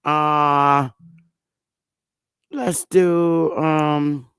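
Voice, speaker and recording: Slow, blunt woman streamer. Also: sits low, clean tone, no room sound. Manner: blunt and profane, with excited exclamations. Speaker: livestream host. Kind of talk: casual livestream commentary.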